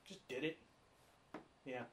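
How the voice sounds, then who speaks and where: A man's voice: slow pace, slight background noise. A man co-hosting a podcast, telling rambling stories in casual chat and swearing freely. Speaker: podcast co-host.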